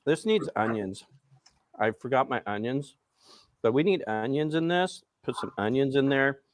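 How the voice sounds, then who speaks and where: A man's voice: mid-range voice, expressive, normal speed, no echo, studio quality. A man hosting a casual cooking chat, talking while he cooks with easygoing asides. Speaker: host cooking on a griddle.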